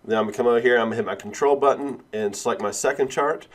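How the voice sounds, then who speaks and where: Man walking through a software tutorial. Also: mid-range voice, rapid-fire. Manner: steady step-by-step walkthrough, self-correcting. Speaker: instructor. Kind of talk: screen-recorded software tutorial.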